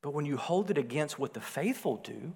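A man preaching a sermon, swelling louder on his points and dropping soft and low on key phrases. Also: animated, fairly quick, breathy edge. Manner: rises in volume for emphasis, drops low and soft on key phrases. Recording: long hall reverb.

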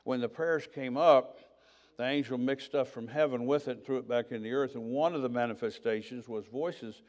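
A man's voice: mid-range voice, moderate pace, darkish tone. Older man telling his testimony. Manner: conversational storytelling, acting out quoted dialogue. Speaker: preacher. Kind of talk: sermon testimony.

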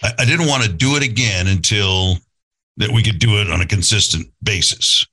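Earnest man in his sixties, bright voice. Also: lowish voice, moderate pace, breathy edge, rough recording. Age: 60s. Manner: earnest, thinking aloud, circling back to his point. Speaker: podcast host telling his own story. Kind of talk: reflective casual storytelling.

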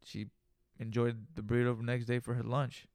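A young man hosts his own podcast in a loose, profane, rambling way, tossing in jokey repeated asides. His voice has a gravelly fry at mid pitch. The recording is dry and close to the mic. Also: little pitch movement, moderate pace, a little mellow, dry recording. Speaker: podcast host. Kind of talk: casual solo podcast monologue.

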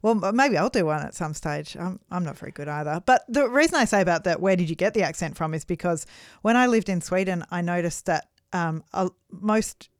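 A woman's voice: fairly low pitch, lively intonation, a little fast, no room sound, studio quality. A woman, co-hosting a casual podcast chat, chatty and self-deprecating. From Australia. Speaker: podcast co-host.

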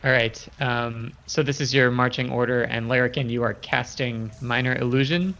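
A man's voice: medium pitch, steady tone, moderate pace, fairly bright tone, muffled recording. A man running a tabletop game as game master, easygoing with many fillers.

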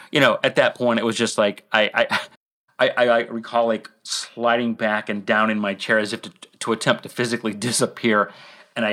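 A man's voice: mid-range voice, a bit bright. A middle-aged man co-hosting a podcast, telling a long rambling story with tangents and self-deprecating asides. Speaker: podcast co-host.

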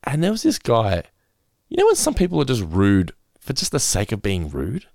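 An Australian man hosting a casual chat, an animated storyteller who acts out quotes and laughs often. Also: medium pitch, normal speed, gravelly, no room sound, studio quality. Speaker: podcast host.

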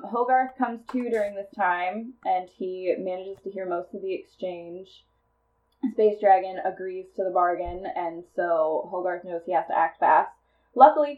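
A woman with a lowish voice talks through a long, rambling movie pitch in a comedy podcast. She laughs easily and fills pauses with ums and likes. The audio sounds a little dull and muffled. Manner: rambling storyteller, laughs often, many fillers. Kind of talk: casual comedic chat.

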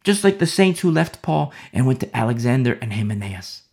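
Gravelly preacher man, fervent, gets loud then drops to a whisper. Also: medium pitch, very animated, fairly quick. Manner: fervent, swings between loud exhortation and hushed whispered prayer. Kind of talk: sermon.

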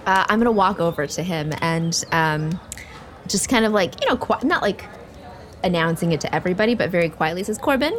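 A woman's voice: fairly low pitch, brisk. A woman playing a character in a tabletop game, chatty and giggly with many fillers. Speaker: player.

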